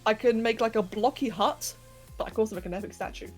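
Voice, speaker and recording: Faint music plays behind this young woman's slightly high, quick voice as she livestreams a game from her home bedroom. She keeps up casual chat with viewers, often giggling while she works.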